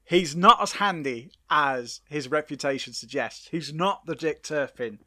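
A man's voice: a little high, a little slow, pushed and bright. A man hosting a casual podcast chat, playful, with stammering restarts. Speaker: podcast host.

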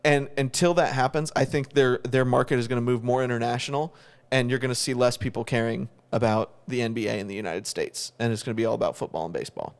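A man's voice: medium pitch, fairly even intonation, fast talker, hardly any pauses, smooth. A man co-hosting a podcast in casual chat, giving opinions and restarting words as he thinks. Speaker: podcast co-host.

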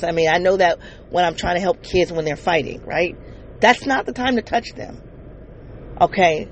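A podcast host telling an emotional personal story in a halting way, with many restarts and self-corrections, and speaking straight to the listeners. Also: mid-range voice, creaky, a little hiss or hum, poor audio. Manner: earnest, addresses listeners directly.

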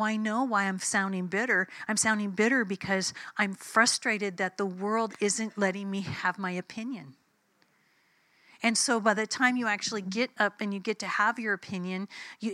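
A woman's voice: medium pitch, pushed and bright, dry recording. A woman preacher giving a sermon in a conversational, emphatic way, telling personal stories and acting out the dialogue.

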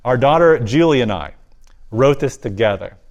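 A man's voice: mid-range voice, animated, normal speed, muffled recording. A man being interviewed as a guest, speaking earnestly and enthusiastically about his ministry work. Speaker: guest, ministry volunteer and author. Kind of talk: interview conversation.

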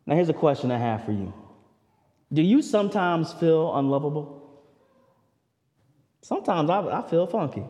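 Animated high-voiced male preacher. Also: normal speed, pauses often, long reverb tail. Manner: animated preaching, swells loud then drops to near hush; conversational asides, repeats words as he goes. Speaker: pastor. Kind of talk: sermon. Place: church sanctuary.

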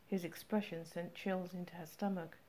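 Woman, audiobook narration, soft low-key delivery, mellow tone. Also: flat delivery, moderate pace.

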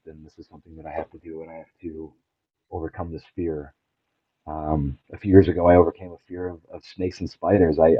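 Middle-aged man, very low voice, earnest halting talk, thin phone-like sound. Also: dry recording. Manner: halting, with many restarts and fillers, earnest. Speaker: podcast guest. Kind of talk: candid personal conversation. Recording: tinny phone-like line, dry.

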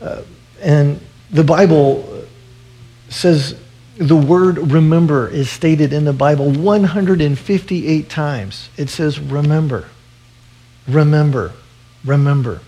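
A man's voice: a little high, takes it slowly, dark tone. A male pastor preaching a sermon to his church in an earnest way, often restarting and repeating words.

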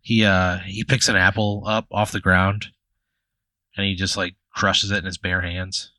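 A man narrates an improvised tabletop game as its game master, loose and chatty and full of "like" and "you know." His voice is fairly low and bright, with a forceful edge. It is recorded dry and close. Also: little pitch movement, a little slow, dry recording.

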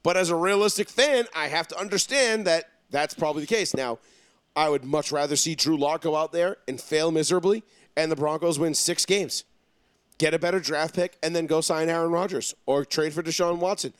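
A man's voice: fairly high pitch, brisk, a bit bright, smooth, dry recording. Profane, rambling New man. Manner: rambling, profane, self-assured. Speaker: podcast host. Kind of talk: casual sports talk.

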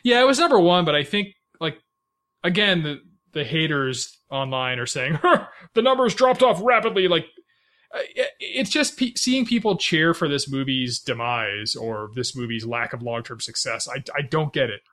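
Expressive and at a normal speed, a man's mid-range voice comes across bright and forceful. As a podcast co-host he talks casually about movies, rambling with fillers and restarts and frequent laughter.

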